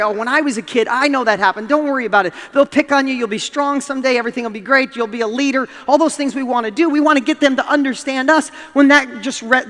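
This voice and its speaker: Middle-aged guy doing a motivational talk on stage, high-ish voice, big hall echo, acts out his own lines. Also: fairly bright tone. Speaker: motivational speaker. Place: large hall with an audience.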